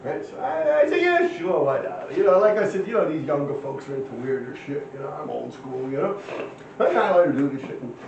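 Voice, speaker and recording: Gravelly profane man in his fifties. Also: on the high side, sing-song, a little fast, darkish tone, a little hiss or hum. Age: 50s. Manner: profane, rambling, streetwise. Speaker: interview guest. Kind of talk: casual storytelling. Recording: roomy, distant, dull lo-fi.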